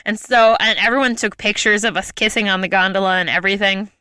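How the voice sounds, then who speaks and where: Bright, chatty young woman storyteller. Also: medium pitch, fast, clear, resonant tone, no room sound, clean studio sound. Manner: lively, chatty, frequent "like" fillers. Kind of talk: casual chat, telling a travel story.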